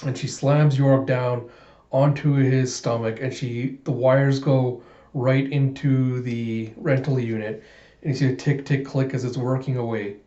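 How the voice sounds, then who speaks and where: A man hosting a comic book readthrough, retelling the story in an animated, laughing way. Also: medium pitch, measured pace. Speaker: channel host. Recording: muffled echoey room.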